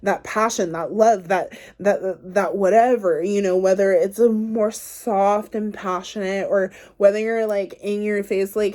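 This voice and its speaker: Tarot reader, woman, warm low-key tone, chatty and reassuring, addresses the viewer directly. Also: fairly even intonation, unhurried, hardly any pauses. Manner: chatty, encouraging, talks straight to the viewer; loose and playful, says "like" and "y'all". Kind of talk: casual spiritual card reading to camera.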